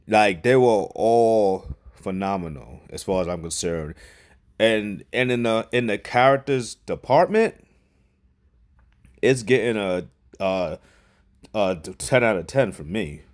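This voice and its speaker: A man from New giving a loose, profane, casual film review, repeating himself and laughing often. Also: lowish voice. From New York. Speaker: movie reviewer.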